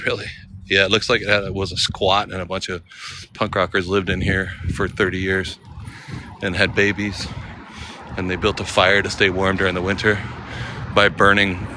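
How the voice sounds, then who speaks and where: An American man in a casual, rambling travel vlog, chatting as he walks outdoors and laughing often. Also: low voice. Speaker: travel vlogger. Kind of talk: casual walking vlog chat. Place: outdoors on a city street. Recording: city street noise with traffic.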